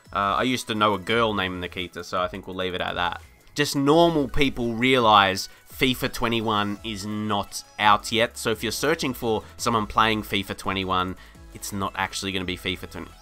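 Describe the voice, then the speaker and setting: A man talks through a football video game in loose, rambling commentary. His voice is very bright and sharp, and he laughs easily and lifts with excitement at a good move. Faint music plays underneath. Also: fairly low pitch. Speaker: gaming video host. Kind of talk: casual gameplay commentary.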